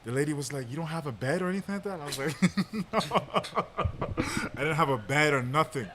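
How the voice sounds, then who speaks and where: A man's voice: fairly high pitch, lively intonation, fast talker, a bit bright, slight background noise. A young man telling a long personal story on a podcast in a casual way, with lots of fillers and laughter. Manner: laid-back, laughs often, lots of fillers. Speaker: podcast host.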